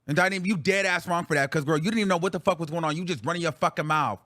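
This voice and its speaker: A man's voice: fairly high pitch, rapid-fire, fairly bright tone, no echo, clean studio sound. A man hosting his own show, ranting bluntly and profanely in heated commentary. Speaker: talk show host.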